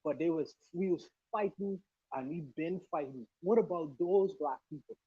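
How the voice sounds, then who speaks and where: A man speaking as a panelist on a livestream podcast, impassioned and emphatic, often laughing, his voice coming through low and muffled. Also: moderate pace, husky, dry recording. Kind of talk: casual livestream discussion. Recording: muffled, low-volume remote mic.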